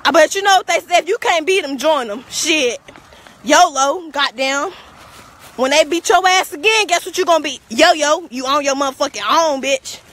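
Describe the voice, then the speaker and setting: A woman's voice: high voice, normal speed, a bit bright. A young woman ranting to the camera outdoors, profane, confrontational and emphatic. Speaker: vlogger. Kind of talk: heated rant to camera. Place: outdoors, walking to a store.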